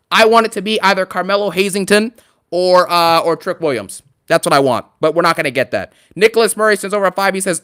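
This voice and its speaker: Man, live-stream rant, sarcastic, emphatic, bright edgy voice. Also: on the high side, fast, smooth.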